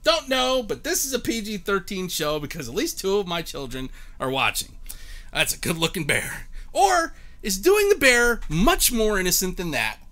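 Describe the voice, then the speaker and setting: Animated, bright-voiced male game show host. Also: sits high, moderate pace. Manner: playful, joking, chatty with viewers. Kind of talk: live-streamed game show hosting.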